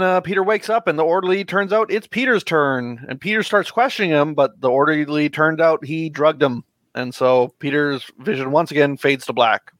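A man's voice: a little high, a bit bright, dry recording. A man on a casual podcast recapping a comic at length, rambling with fillers and briefly voicing the characters' lines. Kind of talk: casual chat.

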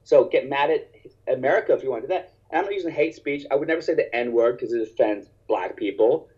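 A man, a stand-up comedian, telling a story in casual conversation in an animated, profane way and acting out other people's lines. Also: medium pitch, fast, dull audio.

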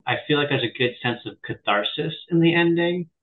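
A man hosting a podcast, chatting in a relaxed, enthusiastic and joking way. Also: on the high side, a little fast. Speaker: podcast host. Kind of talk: casual podcast chat. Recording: tinny phone-like call line.

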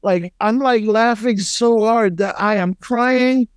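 Guy in his 30s telling wild stories, high voice, smooth and dry, swears a lot, keeps cracking up. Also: slow pace, dry recording. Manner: animated, profane, laughs through stories. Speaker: podcast co-host. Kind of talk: casual storytelling.

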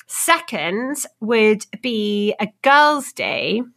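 A woman guest in casual podcast chat, telling lively, excitable stories. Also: fairly high pitch, drawn-out words, gravelly. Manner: lively, excitable storytelling with laughter.

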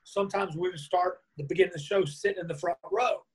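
A man being interviewed, telling a lively anecdote and acting out the lines of the people in it. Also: sits high, quick pace, breathy edge. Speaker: interview guest. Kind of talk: storytelling in a conversation.

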